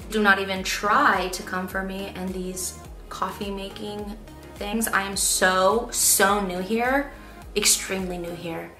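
A woman's voice: medium pitch, fairly even intonation, slow pace, sharp tone, soft background music. A young woman chatting casually to the camera, rehearsing audition lines and criticizing her own takes. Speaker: voice actor vlogger. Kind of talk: casual vlog talking to camera.

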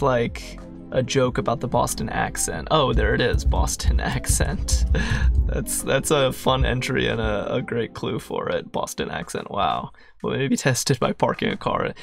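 A man's voice: mid-range voice, vocal fry. A man solving a crossword puzzle while thinking aloud, muttering, questioning himself and trailing off. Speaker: crossword solver.

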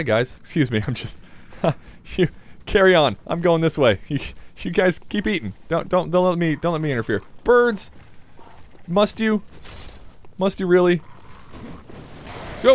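A man commentating his own gameplay in a playful, casual way, chatting to the enemies and swearing now and then. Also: a little high. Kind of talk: let's play commentary.

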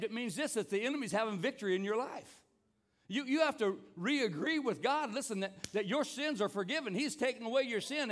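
High-voiced man preaching a sermon. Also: fairly bright tone. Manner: emphatic, repeats words, urges the congregation. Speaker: pastor. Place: church service.

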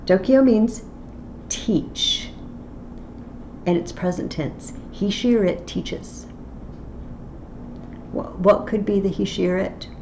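A woman's voice: mid-range voice, takes it slowly, long pauses, noisy background. A woman teaching a Latin lesson online, explaining patiently step by step. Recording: slightly dull lo-fi audio with faint ambience.

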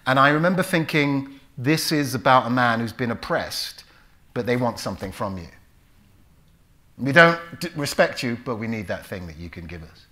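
British male actor, storyteller at a public talk, bright forward tone, acts out voices. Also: mid-range voice, moderate pace. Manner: animated storyteller who acts out voices and recites Shakespeare. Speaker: actor and author giving a talk. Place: lecture hall before a live audience.

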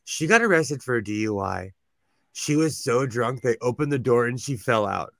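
A man from California, hosting a live sewing show and chatting in an animated, gossipy way, telling stories and laughing often. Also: medium pitch, moderate pace, vocal fry, no echo, clean studio sound. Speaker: host. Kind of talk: casual chat.

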